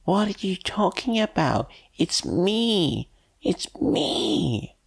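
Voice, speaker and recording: A man voicing a brash, pushy middle-aged woman who claims to be a long-lost mother, speaking in a shrill, indignant way. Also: very animated, extremely slow, vocal fry, breathy edge, exaggerated voice.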